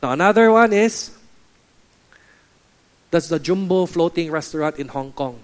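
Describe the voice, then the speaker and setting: Man preaching a lively sermon. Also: fairly high pitch, normal speed. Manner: lively, mimics churchgoers' voices. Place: church hall.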